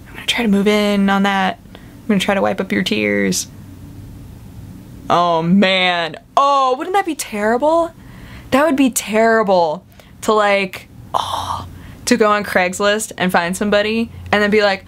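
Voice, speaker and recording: Young woman vlogger, casual and chatty, with animated pitch jumps for quoted voices. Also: measured pace. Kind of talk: casual chat to camera.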